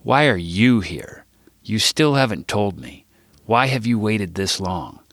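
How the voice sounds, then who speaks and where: A man voicing an exasperated adult woman in an audiobook, firing sharp, accusing questions. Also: on the low side, big pitch swings, measured pace, no room sound, clean studio sound, heavily acted.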